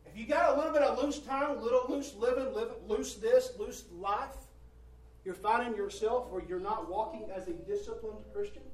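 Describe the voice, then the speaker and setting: A man's voice: high-pitched, normal speed. A male preacher giving an emphatic sermon, swelling and dropping his voice and repeating phrases for effect. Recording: roomy hall from a distant mic, faint ambience.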